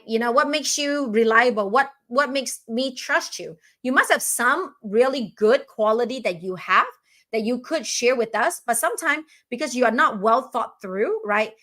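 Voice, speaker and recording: A woman hosting a live online coaching session, talking energetically and often checking in with "right?". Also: a little high. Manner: energetic, keeps asking "right?". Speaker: host and business owner.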